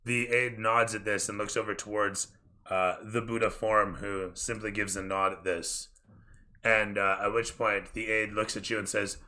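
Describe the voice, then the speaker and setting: A man narrating a tabletop game as game master, talking in a hurried, self-correcting way with casual swearing. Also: fairly low pitch, flat delivery, bright, forceful tone.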